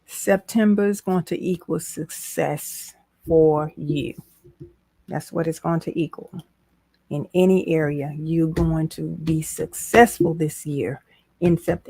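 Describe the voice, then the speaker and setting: A woman's voice: low-pitched, a little mellow, husky, no room sound. A woman hosting a casual motivational livestream, talking in a preachy, folksy way and repeating lines for emphasis. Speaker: business strategist, livestream host.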